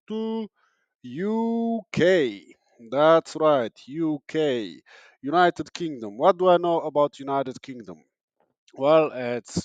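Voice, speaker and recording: A man's voice: mid-range voice, no room sound. Sarcastic man, dry close sound. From Poland. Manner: sarcastic, rambling, frequent fillers and restarts. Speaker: podcast host. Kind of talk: casual comedic monologue.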